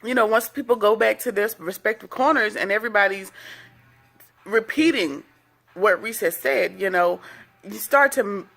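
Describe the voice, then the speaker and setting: Sassy woman with a gravelly edge. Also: medium pitch, normal speed, fairly bright tone. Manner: chatty, sassy, gossipy asides. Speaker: reality TV recap host. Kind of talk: casual episode recap commentary.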